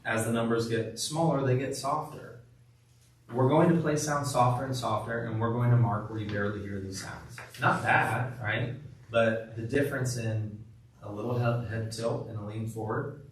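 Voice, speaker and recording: A man coaching a room on handling patient objections, his delivery calm and empathetic as he models the words to use. He sits at the usual pitch for a man, and his voice is heard from a distance in a very echoey room, with a faint hiss underneath. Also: moderate pace. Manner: demonstrates scripted patient talk, soft empathetic tone. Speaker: sales trainer. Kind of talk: sales training session.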